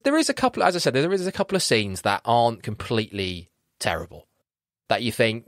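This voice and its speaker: A man's voice: mid-range voice, fairly quick, dry recording, studio quality. A man hosting a podcast, chatting casually about a film and acting out his reactions. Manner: animated, swears casually, acts out his reactions. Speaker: podcast host. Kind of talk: casual film review chat.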